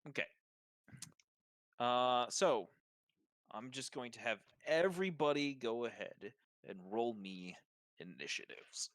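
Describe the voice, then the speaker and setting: A man's voice: medium pitch, lively intonation, slow, long pauses, fairly bright tone, dry recording. A man narrating as game master of a tabletop game, describing scenes with fillers and restarts.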